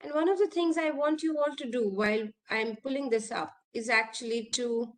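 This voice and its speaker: A woman's voice: a little high, normal speed. A woman, an executive coach giving an online workshop talk, earnest and full of questions to her listeners.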